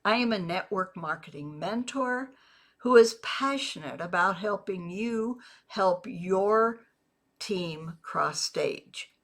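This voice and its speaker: A woman who mentors people in network marketing teaches a video lesson, speaking in a measured, deliberate way and repeating example phrases. Her medium-pitched voice is fairly bright, with lively intonation.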